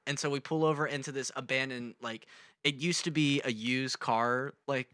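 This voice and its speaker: A man's voice: mid-range voice, steady tone, moderate pace, bright, forceful tone, dry recording. A young man co-hosting a podcast, telling a rambling story in casual chat, swearing and acting out the voices of the people in it. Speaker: podcast co-host.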